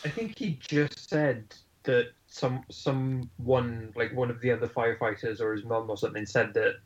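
A man's voice: mid-range voice, moderate pace, lo-fi sound. Thoughtful man discussing a film. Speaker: podcast co-host.

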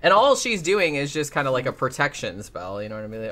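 A man in casual conversation, talking in loose, rambling runs full of fillers. His tone is dry and sarcastic, and he swears freely. His voice sits at an ordinary middle pitch. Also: expressive, quick pace, a bit bright. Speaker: podcast host. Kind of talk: casual chat.

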